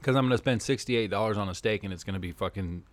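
A man hosting a podcast, telling animated stories full of profanity in casual chat. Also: lowish voice, fast, no echo. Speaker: podcast host.

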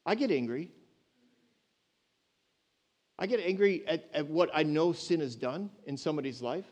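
A man preaching a sermon in an animated, emphatic way that surges loud with passion. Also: fairly high pitch, normal speed.

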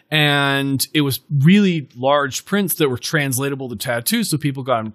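A man's voice: fairly high pitch, animated, a little slow, hardly any pauses, fairly bright tone, no echo, clean studio sound. Rambling man in casual chat. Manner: rambling, full of fillers and self-corrections.

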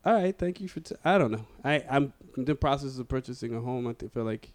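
A man's voice: medium pitch, lively intonation, fast, dry recording. A man in casual chat as podcast co-host, dry, skeptical and laid-back.

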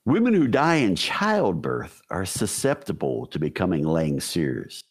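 A man's voice: sits low, huge pitch swings, unhurried, husky. A man co-hosting a casual podcast, telling folklore stories with wry, jokey asides. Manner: wry, jokey asides while reading lore. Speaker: podcast co-host. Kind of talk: casual storytelling chat.

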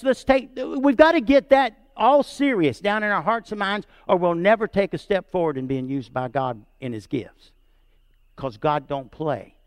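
A middle-aged pastor preaches a sermon built around a family story, repeating words and checking in with the congregation by asking "right?" and "amen?" His voice climbs high and loud to drive points home, then drops soft for the quieter lines. His voice is creaky and the recording sounds dry.

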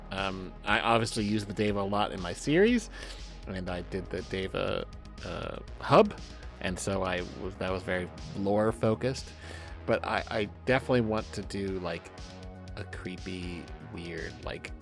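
A man with a fairly low voice chats loosely on a podcast, piling up "um"s and restarts and swearing freely as he gets excited. He is on a remote call, and faint music sits under his voice. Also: vocal fry. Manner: rambling, profane, animated with frequent fillers. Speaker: podcast co-host and author. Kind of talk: casual podcast chat. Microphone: remote call recording.

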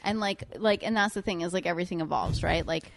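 A woman chatting as a podcast guest, playful and animated in casual talk. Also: on the low side, fast talker, gravelly, slight background noise. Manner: playful, laughing, animated storytelling.

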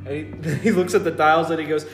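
A man's voice: a little high, fairly even intonation, fairly quick, roomy sound, soft background music. A young man co-hosting a podcast, playful and giggly in casual chat. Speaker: podcast co-host.

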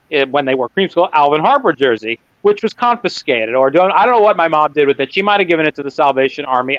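Higher-voiced male co-host, wry and rambling, dull dry lo-fi audio. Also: dry recording. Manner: rambling, self-correcting, wry. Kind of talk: casual sports chat.

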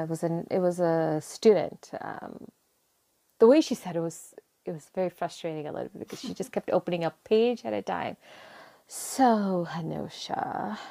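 Animated woman telling her own story. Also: mid-range voice, creaky. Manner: animated, acts out her own quoted words with rising excitement. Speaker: interview guest. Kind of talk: emotional personal storytelling.

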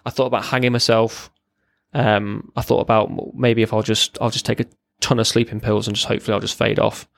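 A man, a former serviceman, telling his own story as a podcast guest in a halting, plain-spoken way. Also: fairly low pitch, flat delivery, creaky. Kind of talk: candid personal storytelling.

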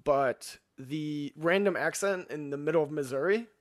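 A man's voice: a little high, moderate pace. A young man co-hosting a casual movie chat, enthusiastic and joking, swearing freely. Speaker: podcast co-host. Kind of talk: casual film discussion.

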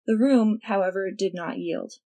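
A woman narrating fiction aloud in a wry, expressive storytelling manner. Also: medium pitch, moderate pace. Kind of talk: audiobook fiction reading.

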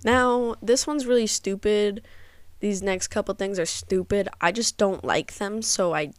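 A woman's voice: medium pitch, a little slow, dry recording. A young woman hosting a casual solo podcast, rambling and sarcastic, swearing freely as she rants. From Midwest of the United States. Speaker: podcast host.

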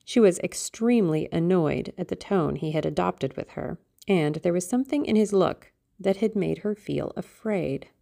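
A woman narrating a classic novel in a measured, expressive reading. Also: fairly low pitch, gravelly. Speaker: audiobook narrator.

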